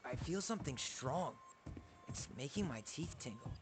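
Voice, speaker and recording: An actor playing a young man in a game, an earnest twin brother who talks softly. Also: fairly high pitch, expressive, normal speed, over music, lightly acted. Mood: uneasy.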